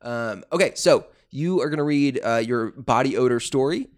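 A man's voice: medium pitch, normal speed. A man hosting a podcast in casual chat, jokey and upbeat. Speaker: podcast host.

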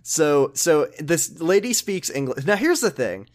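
A man co-hosting a podcast who chats casually about a TV show, animated, sarcastic and sometimes profane. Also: fairly high pitch, a little slow. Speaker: podcast co-host. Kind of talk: casual chat recapping a TV show.

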